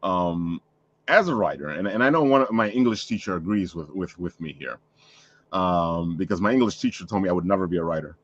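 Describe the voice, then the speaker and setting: A man's voice: low-pitched, lively intonation, a little fast, a bit bright, muffled recording. A man hosting a casual chat, rambling with many restarts and frequent laughter. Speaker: podcast host.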